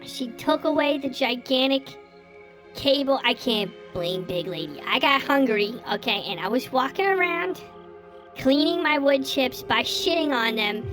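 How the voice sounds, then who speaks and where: A man's voice: extremely high pitch, animated, measured pace. A man streaming live while voicing a crude, foul-mouthed little male pet creature that lives in a cage, with rowdy, profane banter. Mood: rambling. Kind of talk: live stream character bit. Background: faint creepy game music.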